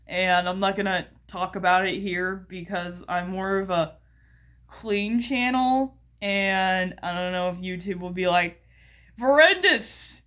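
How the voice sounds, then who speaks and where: American woman, casual video commentary, unhurried and rambling, lots of ums and self-corrections, mid-pitched. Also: fairly bright tone. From United States. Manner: rambling, many fillers and restarts, chuckles often. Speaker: YouTuber.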